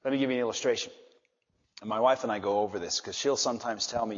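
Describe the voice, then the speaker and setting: A man with a somewhat low, slightly husky voice preaches quickly, swinging between soft asides and loud emphasis. The recording sounds dull and muffled, like a reverberant hall, with long echoes trailing each phrase.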